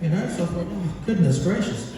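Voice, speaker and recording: With crowd noise around him, a Kiwi man with a high, expressive voice speaks briskly in a birthday speech as the son. He rambles through humorous stories full of fillers to a gathering in a large function hall, recorded from a distance in the echoey room.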